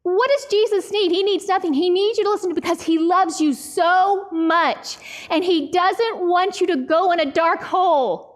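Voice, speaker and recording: A middle-aged woman Bible teacher giving a passionate, pleading sermon with slow, emphatic delivery. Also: very high voice.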